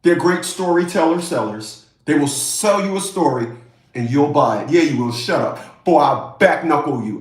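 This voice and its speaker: A man delivers a ranting commentary vlog in a fairly high voice, animated and mocking. He repeats phrases for emphasis. The recording carries a roomy echo. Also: normal speed. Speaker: YouTube commentator.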